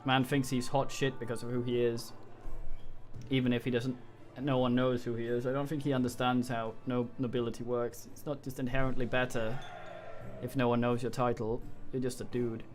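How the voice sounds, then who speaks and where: A man's voice: mid-range voice, little pitch movement, moderate pace, soft background music. A man streaming a game, reading its text aloud with casual, wry and crude asides.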